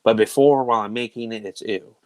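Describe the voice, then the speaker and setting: A man's voice: lowish voice, fairly quick, no echo, rough recording. A man in his thirties, a podcast host, telling family stories in casual chat and acting out his kids' voices. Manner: animated, acts out family members in quoted voices.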